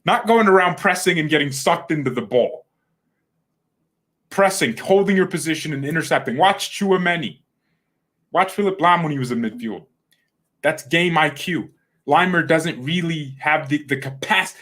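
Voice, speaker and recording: A man's voice: a little high, moderate pace, fairly bright tone. A man hosting a football fan channel, ranting casually and bluntly, trash-talking players and rivals and repeating words when he gets heated. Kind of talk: casual opinion rant to camera.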